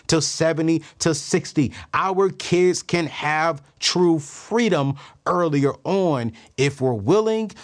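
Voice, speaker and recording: A man in his thirties hosting a podcast, telling stories and giving money and faith lessons in an animated, preacher-like way with emphatic repeats. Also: medium pitch. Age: 30s. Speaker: podcast host. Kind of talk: motivational talk on money and faith.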